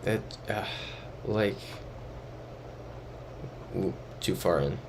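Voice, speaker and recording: Young male streamer, low, unhurried, mumbled live commentary, faint background hum. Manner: muttering, thinking aloud, reading chat.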